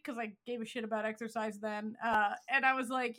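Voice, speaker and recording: A woman with a high, bright, sharp voice co-hosts a casual podcast. She tells chatty, self-deprecating stories from her own life. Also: steady tone, a little fast. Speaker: podcast co-host. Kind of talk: casual chat.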